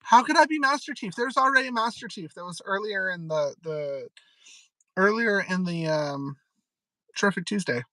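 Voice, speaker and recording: A man hosting a live stream, rambling and giggling. His voice is bright and forward. The recording is close and dry. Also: high voice, animated, moderate pace, no room sound, poor audio. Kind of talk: casual live-stream chat.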